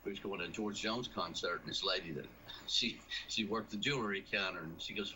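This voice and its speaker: Chatty TV host, bright tone. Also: male voice, fairly low pitch, animated, fairly quick, a little hiss or hum, poor audio. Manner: easygoing, chatty, prone to restarts. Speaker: TV talk show host. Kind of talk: casual studio chat.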